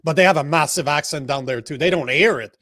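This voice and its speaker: A man whose first language is French, co-hosting a casual political chat in a blunt, profane, animated way. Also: fairly high pitch, fast, no echo, clean studio sound. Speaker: podcast co-host.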